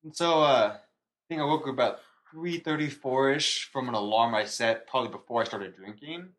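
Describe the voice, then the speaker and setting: A young man co-hosting a podcast tells a story in loose, rambling chat, laughing at himself along the way. His voice sits in the mid range, with a fairly bright tone and a slightly fast pace.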